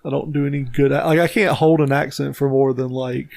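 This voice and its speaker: A man's voice: medium pitch, fairly even intonation, a little fast, gravelly, darkish tone, dry recording, studio quality. A man co-hosting a podcast in casual crude chat, laid-back, with short agreeing replies. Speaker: podcast co-host.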